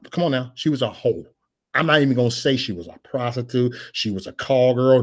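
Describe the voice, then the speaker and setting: A man's voice: mid-range voice, lively intonation, brisk. A man in his forties with a Chicago accent preaches in raw, unpolished street slang. He repeats his phrases for emphasis and talks straight to his viewers. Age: 40s. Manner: repetitive, emphatic, conversational.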